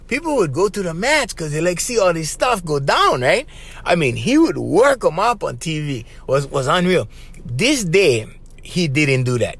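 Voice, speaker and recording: Lively Hawaiian man telling stories. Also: fairly high pitch. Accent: Hawaiian Pidgin-tinged English. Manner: animated, keeps saying "bro" and "right?". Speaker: podcast host. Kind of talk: casual storytelling monologue.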